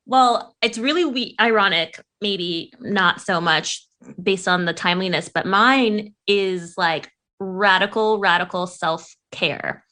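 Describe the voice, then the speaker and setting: A young woman chats on a podcast in an easygoing, playful way. She laughs often and swears without a second thought. Her voice sits at an ordinary middle pitch. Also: takes it slowly, sharp tone. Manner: giggly, swears freely, playful. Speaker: podcast co-host. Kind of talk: casual podcast chat.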